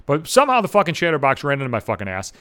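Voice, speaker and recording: A man's voice: medium pitch, wildly swooping pitch, rapid-fire, bright, forceful tone. A man in his thirties hosting a podcast, telling a rambling story with heavy swearing and exasperated rants. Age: 30s. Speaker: podcast host. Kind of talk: profane storytelling monologue.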